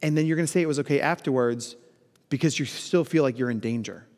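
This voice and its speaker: A man in his thirties giving a playful, animated keynote talk at a conference, often acting out quoted voices. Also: mid-range voice, fast talker. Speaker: keynote speaker. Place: large conference hall. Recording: long hall reverb.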